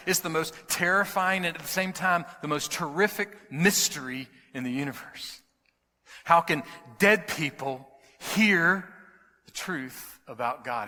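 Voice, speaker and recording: A man preaching a sermon as pastor, swinging from loud emphasis to a hushed whisper. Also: mid-range voice. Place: church sanctuary. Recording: hall reverb.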